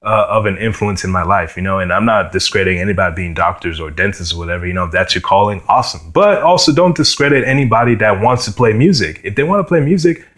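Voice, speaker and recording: A young guitarist from New York, USA, shares his personal testimony in an earnest, halting way, often saying "you know" and "man." His voice sits low and sounds a bit bright.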